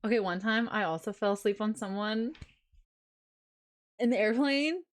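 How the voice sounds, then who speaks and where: A woman in casual chat, reacting with excited disbelief and some swearing. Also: medium pitch, moderate pace.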